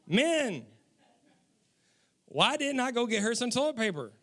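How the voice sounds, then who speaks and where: A man in his forties with a high voice delivers a sermon. He tells stories from his own life with frequent chuckles and turns to speak directly to his listeners. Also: big pitch swings, unhurried, pauses often, a bit bright. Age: 40s. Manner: chuckling storyteller, talks straight to the audience. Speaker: pastor. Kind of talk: sermon with humorous personal stories.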